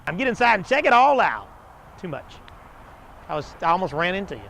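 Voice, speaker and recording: High-voiced folksy man. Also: big pitch swings, quick pace, creaky, pushed and bright, a little hiss or hum. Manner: chatty, earnest, stumbles over scripted ad lines. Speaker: store spokesman hosting a showcase show. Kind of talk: casual folksy pitch to viewers.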